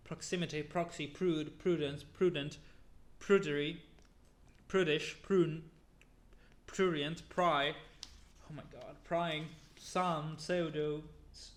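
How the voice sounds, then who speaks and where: A man slowly reading a long list of words aloud one by one, with now and then an exasperated aside. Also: a little high, roomy sound. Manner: slow, flat word-by-word reading with exasperated asides. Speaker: youtuber.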